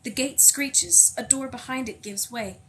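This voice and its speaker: A woman reading a novel aloud in a measured, unhurried way, slowing on vivid passages. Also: high-pitched, fairly bright tone, a little hiss or hum, poor audio. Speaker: audiobook reader.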